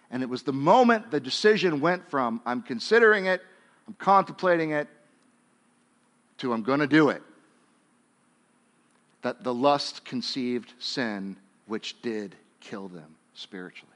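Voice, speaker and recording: A male pastor preaching a sermon in a conversational way, dropping to a hush and then rising to emphatic lines, and acting out biblical characters in casual speech. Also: medium pitch, animated, a little slow, pauses often. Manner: conversational, swings between hushed and emphatic.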